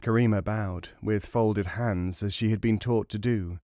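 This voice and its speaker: A man narrating a novel as an audiobook in a measured, dramatic storytelling manner. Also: on the low side, fairly even intonation, warm tone, no room sound, studio quality.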